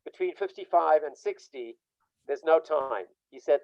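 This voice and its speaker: A man's voice: on the high side, expressive, unhurried, vocal fry, a little mellow, no echo, lo-fi sound. A man giving an informal online talk about burnout, telling emphatic stories and acting out the dialogue he quotes. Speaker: workshop speaker on burnout.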